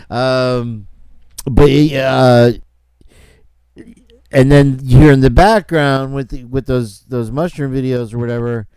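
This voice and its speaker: A man's voice: medium pitch, steady tone, takes it slowly, pauses often, a little mellow, clean tone, dry recording, studio quality. A man hosting a casual commentary show, rambling with sarcastic asides and chuckles. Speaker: host.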